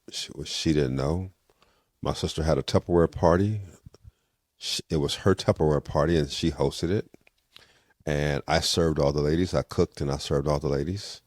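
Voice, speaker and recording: Older male interview guest with a very deep voice, recorded dry; tells stories with lively acted-out dialogue. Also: dry recording. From California. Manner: lively storyteller, acts out quoted dialogue. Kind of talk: casual storytelling interview.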